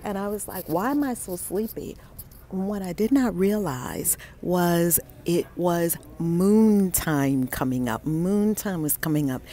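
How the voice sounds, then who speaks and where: A woman's voice: on the low side, expressive, takes it slowly, mellow. A woman hosting a casual live stream from inside a bookstore, talking to viewers on a handheld phone, effusive and repeating herself as she greets them by name.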